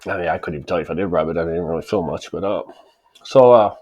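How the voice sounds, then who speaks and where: Forties man, lower voice, spins a laid-back true story with chuckles and quick impressions. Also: a little mellow. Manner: chuckles as he tells it and acts out the people in the story. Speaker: channel host telling a personal story. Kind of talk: casual spoken anecdote.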